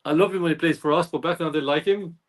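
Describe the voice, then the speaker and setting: A man's voice: fairly high pitch, racing. A man co-hosting a casual football fan chat, rambling and repeating himself as he mimics others. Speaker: fan channel co-host.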